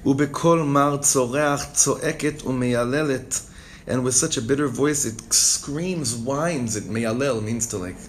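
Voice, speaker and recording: A man's voice: measured pace, a little hiss or hum. A man teaching a Torah class, reading Hebrew lines and explaining them with strong emotion. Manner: reads Hebrew text, then translates and explains with emotion; expressive, rises in pitch and volume when stirred. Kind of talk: text-based Torah class.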